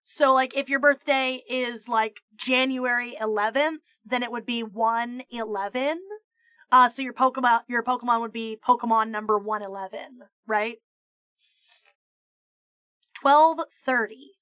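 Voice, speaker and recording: A woman streamer with a high, bright voice rants animatedly and swears freely. She stumbles over quick restarts as she chats casually with her viewers. Her voice sounds close and dry, with no room echo. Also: clean tone. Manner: animated, profane mock-ranting; stammering restarts. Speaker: VTuber streamer. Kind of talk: casual live-stream chat.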